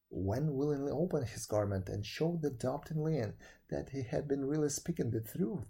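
A man reading a folk tale aloud in a measured, even narrating voice. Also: medium pitch, gravelly, husky. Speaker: storyteller. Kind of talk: storybook read-aloud.

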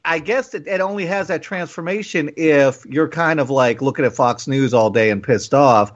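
A man hosting a podcast in casual chat, loose and animated, acting out quotes as he goes. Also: a little high, moderate pace. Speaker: podcast host. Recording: slightly muffled lo-fi recording.

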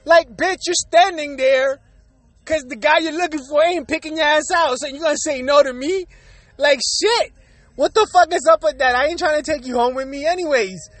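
A man with a strikingly high voice hosts his own show and rants bluntly, swearing freely as he gets worked up. The sound is dry and close, with no room around it. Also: normal speed, a bit bright, no room sound. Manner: profane, blunt, worked-up ranting. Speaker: show host. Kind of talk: ranting monologue.

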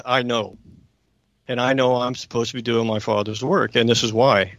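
A man's voice: mid-range voice, steady tone, moderate pace, a bit bright, no room sound. Male talk radio host, mid-range voice, very dry close mic, emphatic personal storyteller. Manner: earnest, emphatic, keeps checking in with listeners.

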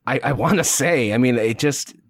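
A man's voice: mid-range voice, normal speed, dry recording, clean studio sound. A man co-hosting a podcast, talking in a hesitant way with many fillers and self-corrections. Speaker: podcast co-host. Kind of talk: casual chat.

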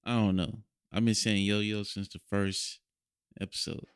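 A man's voice: lowish voice, level tone, normal speed, clean tone, no echo, studio quality. A young man hosting a casual podcast chat in loose slang, often trailing off and restarting. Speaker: podcast host.

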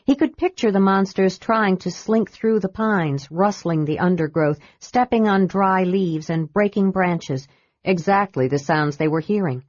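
A woman reading a fantasy novel aloud in steady, measured narration. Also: medium pitch, no echo. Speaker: audiobook narrator. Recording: dull dry recording.

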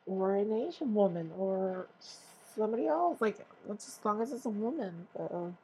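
A woman's voice: medium pitch, animated, moderate pace, a little mellow, husky, rough recording. A woman hosting her own podcast, ranting in a profane, exasperated and sarcastic way. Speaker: podcast host. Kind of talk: casual ranting monologue.

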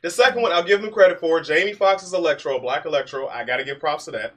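A man's voice: a little high, fast, fairly bright tone, far from the mic. A man co-hosting a podcast, talking casually and ranting animatedly, swearing freely. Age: adult. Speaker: podcast co-host. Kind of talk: casual chat.

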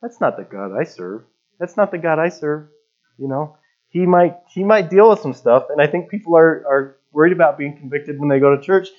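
A man's voice: on the high side, animated, normal speed. A man in his thirties preaching a sermon as a pastor, talking conversationally and telling stories with casual fillers. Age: 30s. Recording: dull lo-fi recording.

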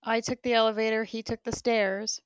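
A woman's voice: fairly high pitch, flat delivery, moderate pace, smooth, dry recording. A woman in her thirties, a bit out of breath, venting bluntly with lots of swearing on a casual livestream. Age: 30s. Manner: blunt, profane storytelling.

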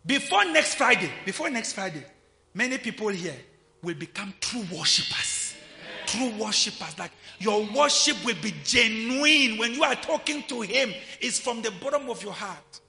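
A man preaching a sermon, swinging from quiet, intimate asides to loud shouting. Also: sits high, expressive, normal speed, vocal fry. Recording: long hall reverb, faint music behind.

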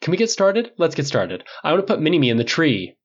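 A man voicing an eager, playful young man who is excitable and pushy, in a dull lo-fi recording. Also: a little high, a little fast, slightly rough, pitched above the performer's own voice, full character voice. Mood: excited.

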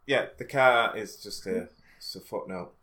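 A man's voice: fairly low pitch, unhurried, sharp tone. Man, casual storyteller with a rambling, indignant delivery. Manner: rambling anecdote with restarts and mock outrage. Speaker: storyteller in a podcast chat. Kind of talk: casual chat.

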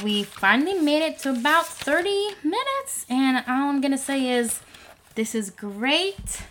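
Rambling, animated young woman podcaster. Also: mid-range voice, a little hiss or hum. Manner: rambling, animated, lots of fillers. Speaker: podcast host. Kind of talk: casual podcast monologue.

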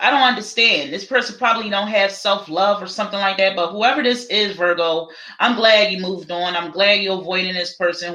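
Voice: medium pitch, pushed and bright. A tarot reader doing a live reading, talking in a chatty, dramatic way and calling viewers honey and child. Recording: roomy echo.

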